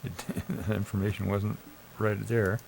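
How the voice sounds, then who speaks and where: Gravelly, low male streamer; sarcastic, argumentative commentary, faint noise behind. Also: little pitch movement, unhurried, darkish tone, rough recording. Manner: sarcastic, argumentative, urging listeners to think. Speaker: live streamer. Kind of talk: casual commentary reading AI chat aloud.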